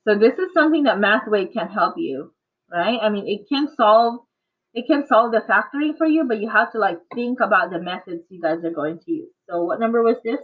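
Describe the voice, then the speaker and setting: Speaking fairly quickly with lively intonation, a medium-pitched woman teaches math online, quizzing and coaxing students and laughing often. She's on a video call, so the sound is tinny and phone-like.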